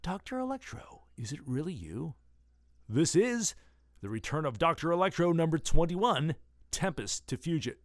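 A menacing unseen figure calls down from a dark staircase in a raised, hushed, theatrical voice, as a man puts it on. The sound is dry and close, with the pitch pitched well above the reader's own. It suits a spooky serial read aloud. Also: very animated, moderate pace, no room sound. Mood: sinister.

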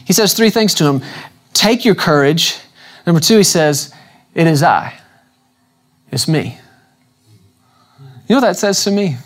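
At an evening church service, a man preaches to the congregation in a relaxed, chatty style, repeatedly posing questions to them and dramatizing scripture quotes with changing emphasis. His slightly high voice carries lively intonation at a measured pace, broken by long pauses.

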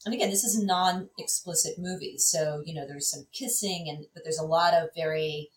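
Woman, low register, chatty guest critic; roomy, off-mic sound. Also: normal speed, a little hiss or hum. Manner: animated, lots of fillers and restarts. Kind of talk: casual conversation. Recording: echoey room, distant mic.

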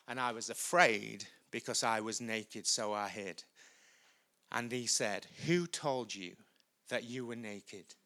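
A man preaching a sermon in a church, earnest, rising loud and high when he speaks to people in the room. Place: church hall. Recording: preached over loud worship music.

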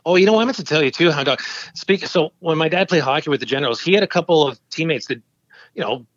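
A man's voice: on the high side, quick pace, no echo, dull audio. A man in his fifties, a podcast host, telling stories in casual chat and acting out quotes. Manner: storytelling, animated quoting.

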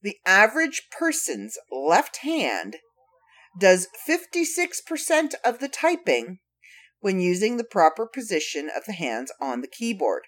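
Lively, slow-talking woman podcast host. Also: mid-range voice. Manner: playful, wry asides to listeners. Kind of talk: casual solo podcast, reading trivia.

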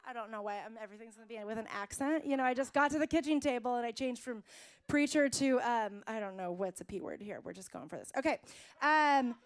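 A woman's voice: high-pitched, brisk, fairly bright tone, clear, resonant tone. A young adult woman preaching a sermon, emphatic and rousing in places, chatty and playful while she cooks at a kitchen table. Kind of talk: sermon with cooking demonstration.

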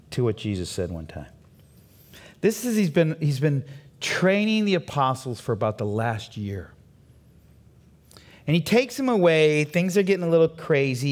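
Male pastor, lively swooping pitch, unhurried measured delivery, emphatic sermon build-ups. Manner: animated preaching, building to emphatic peaks. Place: church.

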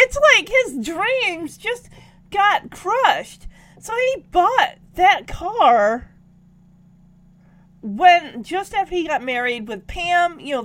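High, lively woman telling stories. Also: dry recording. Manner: animated, emotional retelling with laughs and sighs. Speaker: vlogger. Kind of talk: casual storytelling to camera.

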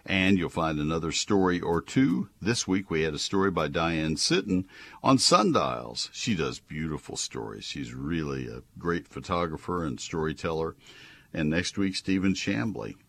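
A man's voice: very deep voice, lively intonation, normal speed, creaky, fairly bright tone. A man hosting a radio gardening call-in show, chatty and enthusiastic, with frequent uhs. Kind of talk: casual call-in radio talk.

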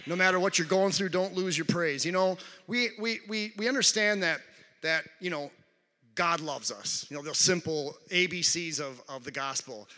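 A man's voice: on the high side, normal speed, pushed and bright, long reverb tail. A male pastor preaching a conversational sermon to his congregation, with frequent restarts and call-outs to the crowd. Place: large church hall.

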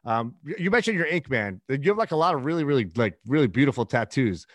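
A man's voice: mid-range voice, very animated, fast, no echo. A man hosting a podcast, chatting loosely with lots of fillers and agreeable replies. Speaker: podcast host. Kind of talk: casual interview chat.

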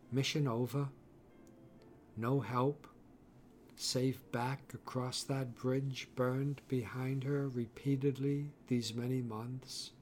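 Slow, deliberate male audiobook narrator. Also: mid-range voice, darkish tone. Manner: measured, deliberate delivery.

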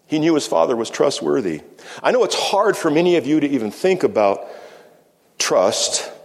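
A man's voice: medium pitch, a little mellow. Man preaching in an echoing church. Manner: measured preaching with slow emphatic pauses. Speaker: pastor. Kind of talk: sermon. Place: church sanctuary. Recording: long reverb of a church hall.

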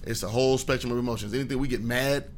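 A man's voice: mid-range voice, steady tone, rapid-fire, a little hiss or hum. A young man hosting a casual podcast, laid-back and swearing freely, with lots of ums. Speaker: podcast host.

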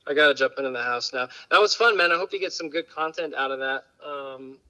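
A man's voice: mid-range voice, fast, sharp tone, rough recording. A man chatting candidly as a podcast guest, rambling and full of fillers. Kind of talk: casual chat.

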